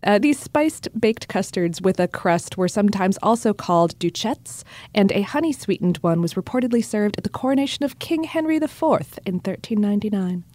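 A woman's voice: medium pitch, lively intonation, moderate pace, a little mellow. A woman co-hosting a casual podcast, chatty and folksy, often restarting her sentences. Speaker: podcast co-host. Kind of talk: casual chat.

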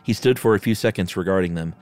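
A man co-hosting a podcast, reading a ghost story aloud in a measured, dramatic way between casual chat. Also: low voice, no echo. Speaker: podcast co-host and reader.

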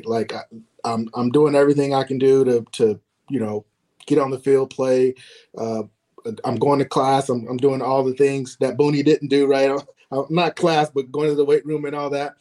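A middle-aged man telling stories in casual podcast chat, relaxed and quick to laugh. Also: medium pitch. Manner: relaxed, chatty, laughs often, acts out quoted shouting. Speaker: podcast co-host, former ballplayer.

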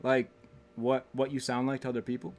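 A man's voice: medium pitch, monotone, brisk, darkish tone. Young connecticut guy, chill and rambly, lots of likes and ums. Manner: rambling, laughs easily, lots of fillers. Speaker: podcast co-host. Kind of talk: casual chat.

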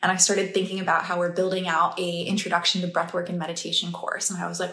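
A woman's voice: on the low side, flat delivery, moderate pace, a bit bright. A woman gives an earnest, heartfelt motivational talk. She speaks casually and laughs easily as she goes. The room around her has a roomy echo. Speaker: breathwork and meditation teacher.

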